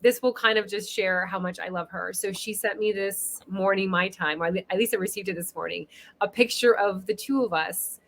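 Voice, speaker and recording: A woman's voice: mid-range voice, fairly even intonation, fairly quick, creaky, a bit bright, a little hiss or hum. A woman hosting a casual interview on a video call, gushing and emotional about her guest. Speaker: interview host.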